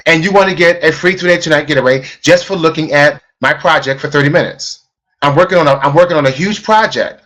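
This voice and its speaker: Guy running a sales webinar, fairly high voice, punchy, keeps repeating his points. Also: a little fast, a bit bright. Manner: emphatic, repeats key phrases for stress. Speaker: sales trainer. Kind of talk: live online sales webinar.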